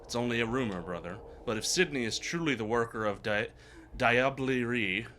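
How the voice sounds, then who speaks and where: Gruff medieval knights trade barbs in archaic phrasing, as a man reads their game dialogue aloud. The delivery is only lightly dramatic, in a bright, tense voice, over a faint hiss. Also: medium pitch, expressive, normal speed. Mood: bickering.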